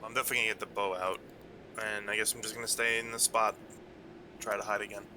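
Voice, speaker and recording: A man's voice: lowish voice, level tone, quick pace. A man casually explaining what his character does in a tabletop game. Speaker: player. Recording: audible background noise.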